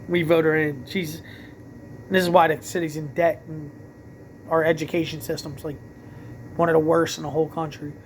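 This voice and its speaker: Rambling Philly-accented man, higher voice. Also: level tone, moderate pace, pauses often, slight background noise. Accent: Philadelphia. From Philadelphia. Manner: rambling, heavy with "like" fillers and restarts. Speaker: vlogger and DJ. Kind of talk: casual late-night rant to camera.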